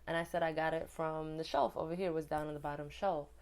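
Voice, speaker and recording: Low-voiced woman vlogger, casual storytime, animated and rambling. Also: quick pace. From New York. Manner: chatty, animated retelling with many fillers.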